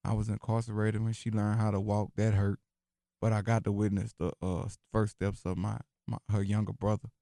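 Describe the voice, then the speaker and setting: A man speaks in a gravelly, creaky voice. He sounds emphatic and philosophical, often repeating phrases for stress. He is a guest in a dry radio studio. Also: fairly low pitch, little pitch movement, a little fast, warm tone, dry recording. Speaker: rapper guest. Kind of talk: radio interview conversation. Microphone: studio microphone.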